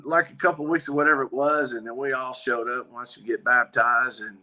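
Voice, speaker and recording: A man with a bright, ringing tone tells a personal story in a relaxed, folksy manner. He often slips into quoted back-and-forth dialogue. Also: medium pitch, a little fast. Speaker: guest, biker ministry member. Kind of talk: casual storytelling interview.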